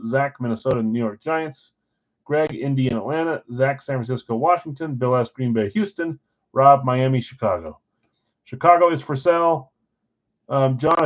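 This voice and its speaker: A man's voice: medium pitch, normal speed, lo-fi sound. A tired, yawning man hosting a live card break stream. He chats casually with viewers and calls out which teams they hold. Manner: chatty, rambling, talks straight to viewers. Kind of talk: casual live-stream chat, calling out team spots.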